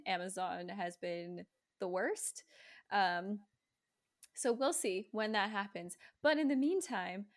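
A woman hosting a podcast in a casual chat, upbeat and enthusiastic, with many ums and some casual swearing. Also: mid-range voice. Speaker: podcast host.

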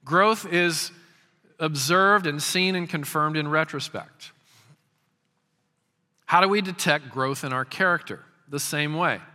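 Pastor in his 50s, fairly high bright voice, emphatic sermon, stutters into phrases, long hall echo. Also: takes it slowly, pauses often. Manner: emphatic, repeats words when starting phrases.

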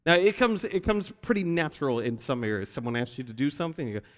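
Animated male pastor preaching in a hall. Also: fairly high pitch, fast talker, hardly any pauses. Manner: animated storyteller, acts out quoted voices. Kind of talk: sermon. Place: church sanctuary. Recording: long reverb of a large hall.

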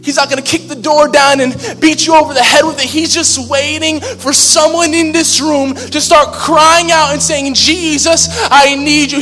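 A high-voiced man preaches with fervor, his bright, forceful tone ringing through a large reverberant hall while soft music plays beneath. He builds phrase on phrase and climbs into shouts. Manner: impassioned, rising to shouts, repeating phrases. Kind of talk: sermon.

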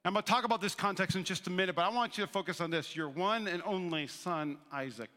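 A man in his thirties preaching a sermon as pastor, animated and joking, acting out the voices he quotes. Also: high voice, fast talker. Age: 30s. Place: church auditorium. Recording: long reverb of a large hall.

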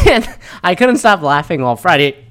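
A man's voice: high voice, big pitch swings, measured pace, fairly bright tone. A man in a casual opinionated monologue, rambling and profane, laughing often and adding mocking asides.

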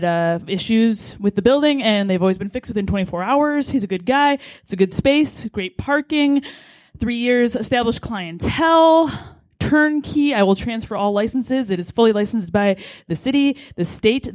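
A woman pitching her business to a room of investors, candid and a little joking. Her voice sits fairly high and sounds dry and close. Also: a little mellow, dry recording. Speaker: coffee shop owner. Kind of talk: informal sales pitch.

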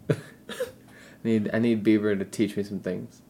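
A man co-hosting a casual podcast chat, with a dry, sarcastic, low-key delivery. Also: flat delivery, a little slow, warm tone. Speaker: podcast co-host.

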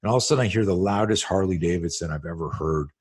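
Middle-aged man, slightly low voice, self-defense teacher recounting a tense story on a podcast, swearing and acting it out. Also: racing. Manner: profane, animated storyteller who acts out scenes. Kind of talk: storytelling in a conversational interview.

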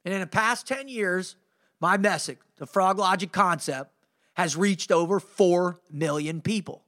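Speaking a little slowly in a high, somewhat bright voice, this middle-aged podcast host and motivational speaker launches into an energetic story. His telling is slangy and pumped up, with "man" coming up again and again.

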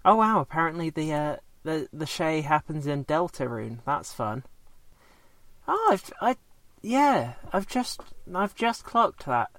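A man's voice: fairly high pitch, big pitch swings, a little slow, fairly bright tone, no room sound. A man chatting casually as a co-host, rambling and hesitant with many fillers and restarts. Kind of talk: casual chat.

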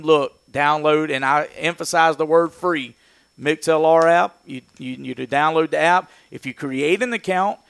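A slightly high, gravelly-voiced man chats about sports broadcasting in a folksy, rambling way. His voice is smooth under the grit. The recording is dry and close. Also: no room sound. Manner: folksy, rambling, laughs easily. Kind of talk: casual radio talk.

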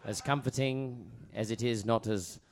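A man's voice: mid-range voice, measured pace, very noisy, natural voice. A man playing an inept, tipsy spy who rambles and mutters to himself. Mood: muttering.

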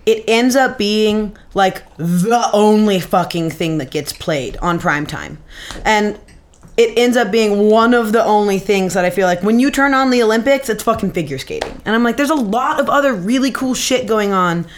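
A woman's voice: mid-range voice, expressive, moderate pace, a little hiss or hum. A woman co-hosting a podcast in casual chat, rambling and swearing freely. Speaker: podcast co-host.

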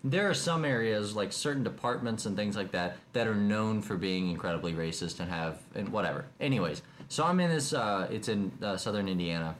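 Low-voiced, jokey podcast co-host man. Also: slight background noise. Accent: Kentucky. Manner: jokey, animated storytelling with quick voiced asides. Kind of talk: casual chat.

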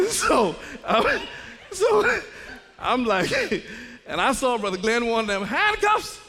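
A man's voice: extremely high pitch, takes it slowly. A man, an assistant principal telling a funny, dramatic story in church, laughing as he goes. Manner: animated, laughing, dramatic retelling. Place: church sanctuary. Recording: echoey church hall.

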